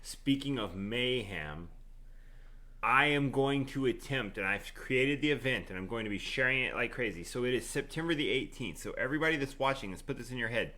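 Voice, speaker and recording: A man's voice: medium pitch, expressive, fast talker, hardly any pauses, pushed and bright. A middle-aged man hosting a casual live stream, promoting an event in an upbeat, easygoing way. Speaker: host, rapper.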